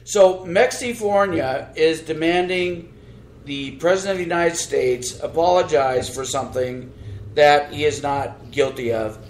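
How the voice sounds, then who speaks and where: A man's voice: fairly high pitch, unhurried, roomy sound. A man co-hosting a podcast, giving sarcastic, combative political commentary and reading news aloud with asides. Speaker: podcast co-host.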